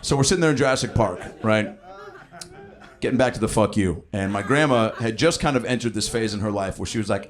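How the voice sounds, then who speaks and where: A man in his thirties with a lowish, brisk voice does improvised stand-up at a comedy club, working the crowd with loose, profane stories and lively voiced quotes. It's a live club recording with the audience laughing.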